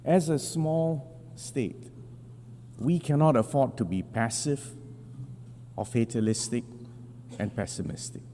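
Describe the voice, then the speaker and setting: A man delivering a formal prepared speech as a government delegate at a large assembly, measured and emphatic with deliberate pauses. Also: mid-range voice, lively intonation, dark tone, big-room sound, a little hiss or hum.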